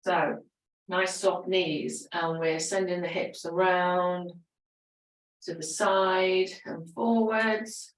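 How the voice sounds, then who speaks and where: A woman's voice: on the low side, fairly even intonation, slow, distant mic. Chatty woman leading an exercise class. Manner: encouraging, chatty, laughs often. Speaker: fitness instructor. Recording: roomy echo, voice from away from the mic.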